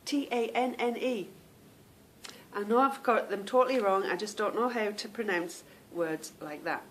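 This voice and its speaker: A woman hosts her knitting podcast in a relaxed, chatty way, drifting into tangents and tripping over names she can't pronounce. Her voice sits at an everyday middle pitch, with a faint low rumble in the background. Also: moderate pace. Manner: chatty and rambling, stumbles over unfamiliar names. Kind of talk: casual chat to viewers.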